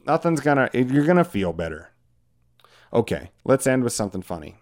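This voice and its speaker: A man's voice: mid-range voice, big pitch swings, a little fast, a little mellow. A man in his forties hosting a podcast, talking in a rambling, candid, self-deprecating way with lots of filler words. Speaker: podcast host. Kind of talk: casual monologue.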